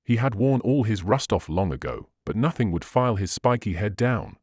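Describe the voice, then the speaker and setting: Man reading a classic novel, lively intonation, low voice. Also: moderate pace, hardly any pauses, husky, no echo, studio quality. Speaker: audiobook narrator.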